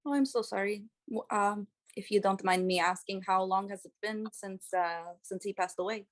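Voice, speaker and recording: A woman voicing a polite woman cleric who asks gentle, apologetic questions at a grave. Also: medium pitch, steady tone, normal speed, lightly acted. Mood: sympathetic. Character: polite young woman cleric, kind but nosy.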